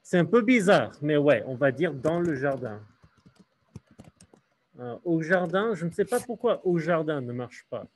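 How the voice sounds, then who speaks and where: A man's voice: a little high, lively intonation, moderate pace. A man teaching a hybrid French class, switching between English and French and asking the students questions.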